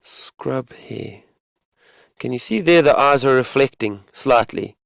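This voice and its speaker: A man's voice: mid-range voice, lively intonation, slow, gravelly, no echo. A man with a South African accent, a safari guide chatting casually on a live stream from an open vehicle and reading out viewer comments.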